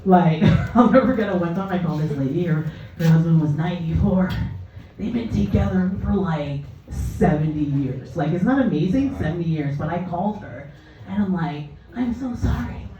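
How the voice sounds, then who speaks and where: A woman's voice: on the low side, normal speed, mellow. A woman doing a stand-up comedy set, brash, crude and self-mocking. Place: comedy club stage. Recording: echoey club from far off, dull, crowd.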